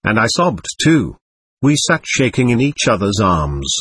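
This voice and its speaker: A man's voice: lowish voice, very animated, unhurried, fairly bright tone, husky, no room sound, heavily acted. A man voicing a poor, proud, grieving captain who tells his story with bitter emotion.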